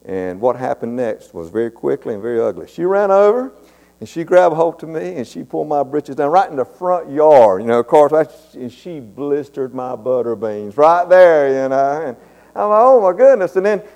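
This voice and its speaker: In the long reverb of a church sanctuary, a male pastor tells stories through his sermon in an animated voice, moderately paced, a little high, creaky and dark in tone. He's folksy and earnest, frequently repeating his words.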